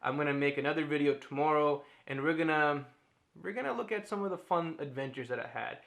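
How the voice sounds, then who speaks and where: A man's voice: on the high side, fast talker, gravelly, a bit bright. A man in his thirties vlogging candidly to camera, open and reflective, often laughing and using fillers. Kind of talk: candid personal vlog talk.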